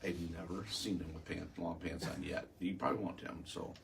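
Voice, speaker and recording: A man's voice: low-pitched, steady tone, fairly quick, creaky, distant mic, a little hiss or hum. A business owner guest chatting casually, a joking storyteller who teases his hosts. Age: older. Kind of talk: casual chat.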